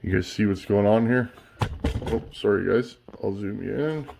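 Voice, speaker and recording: A man's voice: fairly low pitch, moderate pace, creaky, noisy background. A man hosting a casual workshop tutorial, thinking aloud as he works, restarting sentences and checking in with "okay?" often. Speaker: chainsaw builder and channel host.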